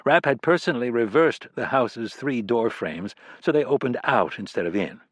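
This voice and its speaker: A man reading a thriller audiobook as scripted narration, in a measured, deliberate manner. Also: medium pitch, expressive, no echo.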